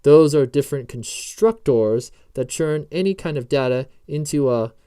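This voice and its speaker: A man reading out a commenter's explanation of programming terms in a put-on British accent, stiff and deliberate. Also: a little high, expressive, dark tone, clean tone, dry recording, studio quality, close to an everyday voice. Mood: lecturing. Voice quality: stiff, deliberate, like a film agent.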